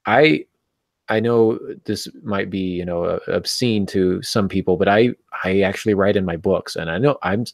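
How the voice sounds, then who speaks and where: A man hosting a podcast about writing, giving advice in an energetic, emphatic way. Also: low-pitched, moderate pace, gravelly, dry recording, clean studio sound. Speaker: podcast host.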